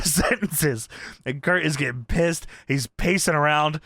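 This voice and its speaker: Excitable young man recapping, bright voice. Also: fairly high pitch, a little fast, no room sound, clean studio sound. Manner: excitable, swears and laughs often. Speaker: podcast co-host. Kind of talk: casual recap chat.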